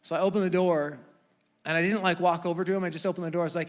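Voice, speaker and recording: A man in his thirties preaching a sermon with humor, moving from hushed asides to loud, fervent passages. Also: high-pitched, fairly even intonation, very fast. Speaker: pastor. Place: church auditorium. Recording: long church hall reverb.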